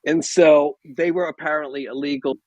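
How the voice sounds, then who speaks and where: A man, a podcast guest, telling relaxed anecdotes with small chuckles in casual chat. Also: on the high side, normal speed, no room sound. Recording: dry, dull lo-fi sound.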